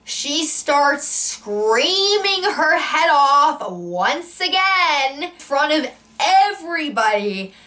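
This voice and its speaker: A young woman telling a casual storytime vlog, full of likes and ums, jumping into high voices when she acts out quotes. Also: sing-song, very slow, sharp tone. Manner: filler-heavy, many likes and ums.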